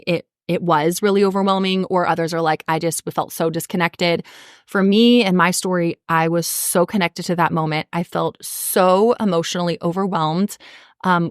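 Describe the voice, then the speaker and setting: A woman's voice: on the low side, dry recording. Earnest woman telling her story, dry close mic. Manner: earnest, emotional, many fillers like "like" and "you know". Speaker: podcast host. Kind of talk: personal storytelling.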